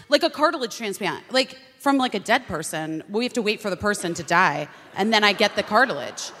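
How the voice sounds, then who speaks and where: A woman, an actress guest on a talk show, giving a fiery, profane comic rant that breaks into shouting. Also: mid-range voice, expressive, a little fast, hardly any pauses. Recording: reverberant hall.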